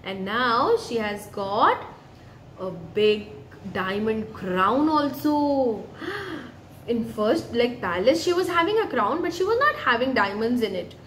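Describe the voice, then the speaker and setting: A woman's voice: a little high, expressive, measured pace, fairly bright tone. A young woman at a daycare telling a children's story, coaxing the kids with questions. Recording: echoey room with faint noise.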